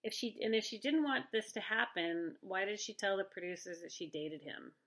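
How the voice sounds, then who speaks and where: Opinionated woman cohost, bright crisp tone, wry recap chat. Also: mid-range voice, normal speed. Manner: wry, opinionated commentary with laughing asides. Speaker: podcast co-host. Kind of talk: casual chat recapping a reality show.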